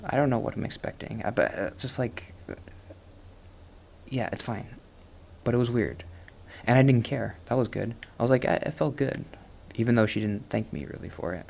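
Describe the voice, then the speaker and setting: A man's voice: mid-range voice, moderate pace, gravelly, a little mellow, slight background noise. A man chatting casually while he plays, rambling and self-deprecating. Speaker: gaming vlogger.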